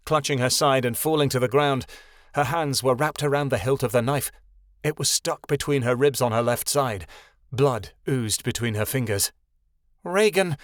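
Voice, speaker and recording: A man reading a fantasy audiobook aloud, measured and expressive, with a voice of middling pitch. The recording is dry and close, with no room echo. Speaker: audiobook narrator. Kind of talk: scripted narration.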